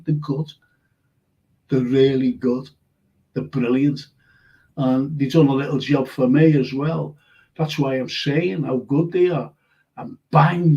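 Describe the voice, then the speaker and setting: Chatty older Liverpool man, gravelly. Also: a little high, warm tone, dull audio. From Liverpool, England. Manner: chatty and rambling, reads out comments, laughs easily. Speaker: host of online history and chat show. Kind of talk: casual live-stream chat reading viewer comments.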